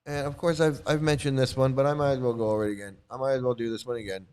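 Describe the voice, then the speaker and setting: A man's voice: medium pitch, level tone, racing, a little mellow, clean tone. A man on a live stream reading quotes aloud and commenting on them with scorn, sometimes bursting out in anger and swearing. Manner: angry outbursts with swearing.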